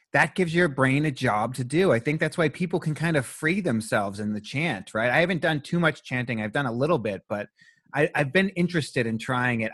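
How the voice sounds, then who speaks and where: A man's voice: mid-range voice, a bit bright, no room sound. A man with a mid-range voice hosts a podcast as a breathwork teacher, speaking earnestly and openly with the odd swear word. The sound is dry and close to the mic. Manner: earnest and open, with casual swearing. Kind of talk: casual podcast chat.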